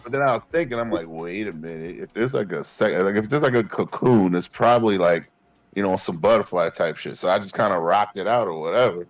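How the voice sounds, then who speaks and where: A man, co-hosting a podcast and telling animated, profane stories, acting out his past self. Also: sits low, fairly quick. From Queens, New York. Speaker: podcast co-host. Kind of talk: casual chat.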